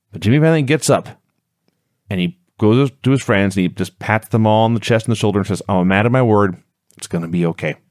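Low-voiced man recapping a match. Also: no room sound, clean studio sound. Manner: steady storytelling recap. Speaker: podcast co-host. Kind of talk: casual play-by-play recap.

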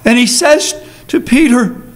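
A man preaching a sermon as a pastor, earnest, moving between quick asides and slow, emphatic phrases. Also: very high voice. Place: church sanctuary.

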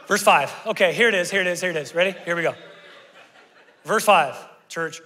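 A man in his forties preaching a sermon as a pastor, animated and conversational, with frequent asides to his congregation. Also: high voice, brisk. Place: church sanctuary. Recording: long church hall reverb.

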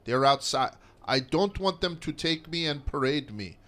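A man voicing a doomed young male Russian soldier with a put-on Russian accent, speaking in a solemn, measured way. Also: fairly high pitch, lively intonation, fairly bright tone.

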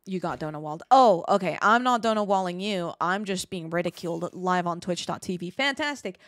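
A woman streaming a game live, chatting with her viewers in an excitable, giggly way. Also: fairly low pitch, brisk, no room sound, clean studio sound. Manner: excitable, giggly, talks to chat.

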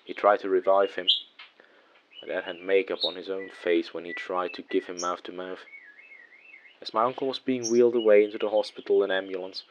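Male horror storyteller, very low voice, hushed and measured, faint hiss underneath. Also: fairly even intonation, dull audio. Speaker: narrator. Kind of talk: first-person horror story narration.

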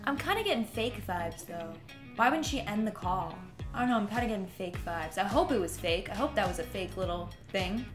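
A woman hosting a reaction video, chatting casually and laughing often, swinging between loud outbursts and soft asides. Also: mid-range voice, animated, a little fast, soft background music.

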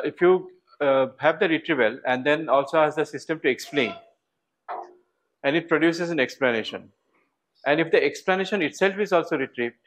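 A man's voice: fairly high pitch, rough recording. A man giving a university lecture, thinking aloud with fillers and restarts. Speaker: professor.

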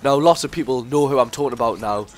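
A man's voice: mid-range voice, fast talker. A teenage boy, giving casual game commentary that rambles into sweary rants. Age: teens. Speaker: gameplay commentator.

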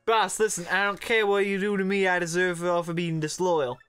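A man's voice: sits high, level tone, a little fast, fairly bright tone, smooth. Guy reading a sorry mob lackey, earnest, begging the boss. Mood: pleading. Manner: earnest, apologetic. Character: loyal young mafia henchman, pleading.

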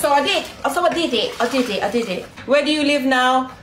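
A woman's voice: high voice, expressive, fairly quick. A woman hosting a casual live stream from her kitchen, chatting with viewers in a giggly, playful, teasing way. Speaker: livestream host. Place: home kitchen. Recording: echoey room with background noise.

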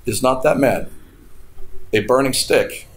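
A man's voice: medium pitch, slow pace. A man preaching a sermon, telling a story with laughs and acted-out quotes as the congregation responds. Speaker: pastor. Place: church hall. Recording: echoey hall with faint room noise.

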